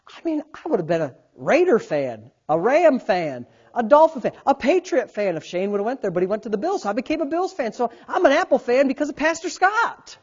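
New pastor preaching, gets loud then drops quiet, kinda muffled lo-fi audio. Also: male voice, very high-pitched, brisk, few pauses, breathy edge. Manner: animated preaching, swings between loud and quiet. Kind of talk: sermon. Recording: dull lo-fi sound.

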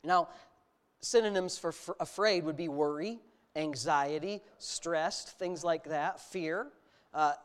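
This sermon comes from a middle-aged male pastor who eases in with a personal anecdote told casually, then swells into powerful exhortation. Normally pitched for a man, his clear, resonant voice surges to loud, emphatic highs whenever he hammers a point home.

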